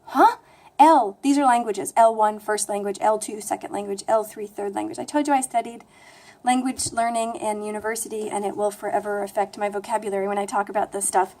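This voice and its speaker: A young woman with a flat American accent, chatting casually to camera in a rambling, self-deprecating way. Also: mid-range voice, a little fast. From United States. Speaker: language vlogger. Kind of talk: casual talking-to-camera vlog.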